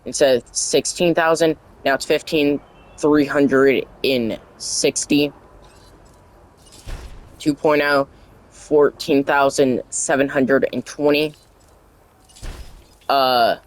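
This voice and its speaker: A man narrating a casual video game tutorial, reading the game's on-screen text aloud in a halting way with stumbles, his voice wearing out. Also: medium pitch, poor audio. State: losing his voice. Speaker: gaming channel creator.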